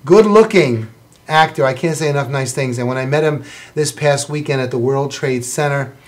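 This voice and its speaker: In a television studio, a man with a mid-range voice hosts a chatty talk show interview at a moderate pace, praising his guests effusively and rambling.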